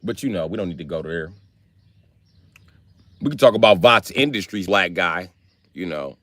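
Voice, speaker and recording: A low-voiced man speaking at normal speed delivers a casual live-stream rant, telling funny stories that are animated, slangy and full of swearing. The recording is dry.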